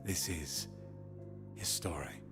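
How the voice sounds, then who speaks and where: A man voicing a solemn, soft-voiced storyteller of dark fantasy lore in a whispered role-play, speaking slowly and mournfully. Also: a bass voice, music in the background, voice pushed down. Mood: somber. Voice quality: soft and hushed. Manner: slow, mournful delivery.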